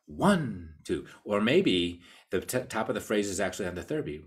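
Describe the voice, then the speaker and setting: Low, husky-voiced man teaching cello. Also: big pitch swings, moderate pace. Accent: American. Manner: casual, explanatory, counts beats aloud. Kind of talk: live online masterclass talk.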